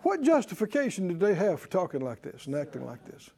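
A man preaching a sermon in a folksy, scolding way, slow and emphatic. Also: high-pitched, huge pitch swings, creaky, warm tone, husky.

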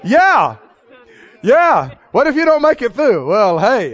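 A man preaching a sermon, chuckling often and swinging from hushed storytelling to loud proclaiming. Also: very high voice, wildly swooping pitch, slow. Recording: dull lo-fi recording.

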